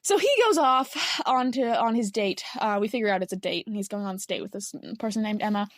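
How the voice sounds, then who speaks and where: A woman's voice: medium pitch, no echo, clean studio sound. A woman co-hosting a podcast, casually recapping a film in a rambling way and acting out characters' lines. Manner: rambling, acts out lines in quick voices. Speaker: podcast co-host.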